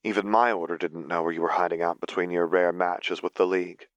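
A man reading the lines of a wary, masked young woman mage in a fan fiction audiobook, speaking flatly and bluntly. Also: deep voice, brisk, no room sound, dull audio, lightly acted. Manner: flat, blunt. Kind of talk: audiobook character voice.

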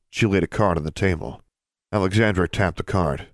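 A man reading an audiobook in steady, measured narration. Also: low-pitched, dry recording, clean studio sound. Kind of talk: scripted narration.

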